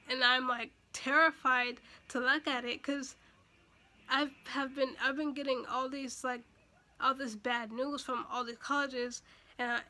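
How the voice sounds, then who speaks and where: Speaking on the high side with a sharp tone, a young adult woman shares a personal story as a casual vlog storytime. She rambles with fillers and restarts, and now and then she becomes emotional, nearly tearful.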